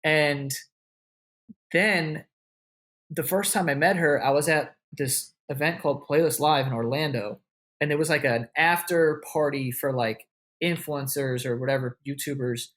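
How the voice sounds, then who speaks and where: Here a content creator on an interview speaks with a fairly high, fairly bright male voice and a slightly slow delivery. His story rambles casually, heavy on "like," "you know," and swearing, and he mimics other people's lines in a raised voice.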